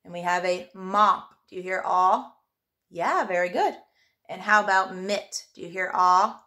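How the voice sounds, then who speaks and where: A woman teacher giving a young pupil a remote phonics and handwriting lesson, speaking clearly and encouragingly with drawn-out vowel sounds. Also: medium pitch, pushed and bright.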